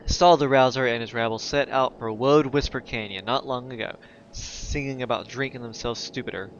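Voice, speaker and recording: A man's voice: mid-range voice, fairly bright tone, muffled recording, a little hiss or hum, lightly acted. A man reading as a scolding gatekeeper woman. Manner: reads game text aloud plainly. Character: gruff woman gatekeeper, sharp-tongued and scolding.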